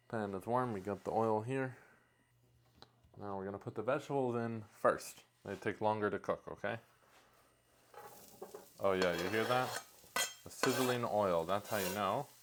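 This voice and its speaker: A man's voice: lowish voice, moderate pace, long pauses, background noise. A man chatting casually in his home kitchen while he cooks, joking and rambling with mock confidence and poking fun at himself. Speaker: home cook vlogger. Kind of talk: casual cooking vlog.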